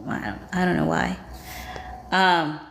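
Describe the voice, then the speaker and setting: Low-voiced woman reading chat comments. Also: expressive, unhurried, gravelly, slight background noise. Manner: reads viewer comments aloud and reacts with chatty asides. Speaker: livestream host. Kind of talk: casual live-chat reading. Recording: roomy echo.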